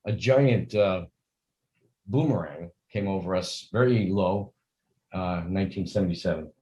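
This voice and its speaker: This older man is a guest in a casual interview, his low, warm voice moving along unhurriedly. He talks earnestly and at rambling length, acting out the greetings he recounts. The recording is poor.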